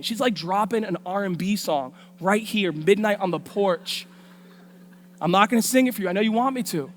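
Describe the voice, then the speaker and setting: A woman preaching a storytelling sermon in a church, colloquial and street-smart. She moves from hushed asides to loud, punchy lines. A faint hum runs under the sound. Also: mid-range voice, moderate pace. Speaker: guest preacher.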